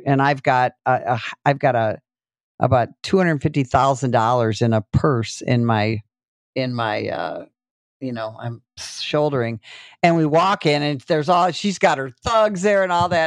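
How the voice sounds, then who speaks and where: Woman cop, middle-aged, rambly animated storytelling, dry close mic. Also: rumbling low, no echo. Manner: animated storyteller, many fillers, acts out quotes. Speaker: podcast guest, police sergeant and trainer. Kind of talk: casual storytelling interview.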